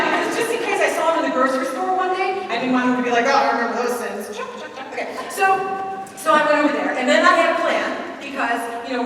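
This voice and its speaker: Lady telling a funny faith story, highish voice, far from the mic, long reverb. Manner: lively, self-mocking, conversational. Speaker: speaker at a faith event. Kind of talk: storytelling talk. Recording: echoey hall, mic at a distance.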